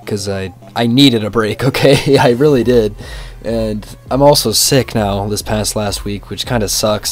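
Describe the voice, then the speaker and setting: Excitable, crude young man. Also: fairly low pitch. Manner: excitable, crude, jokey, swears often. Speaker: YouTube commentary creator. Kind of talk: casual reaction commentary.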